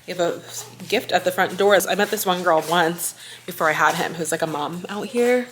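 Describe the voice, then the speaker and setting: Chatty young mom vlogging, low voice. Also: female voice, moderate pace. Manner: chatty and bubbly, cooing to her baby. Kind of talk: casual vlog chat. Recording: noisy background.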